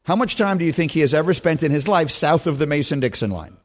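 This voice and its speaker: High-ish lively guy hosting sports radio, animated and laughing a lot. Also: quick pace. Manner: animated, laughs often, reads sponsor copy. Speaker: host. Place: radio studio.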